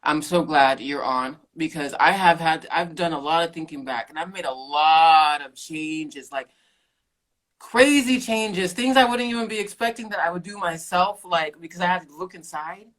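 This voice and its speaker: A middle-aged woman, a keto coach and podcast guest, telling her story in an animated way, laughing often and acting out quotes. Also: low-pitched, moderate pace. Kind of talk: casual interview chat.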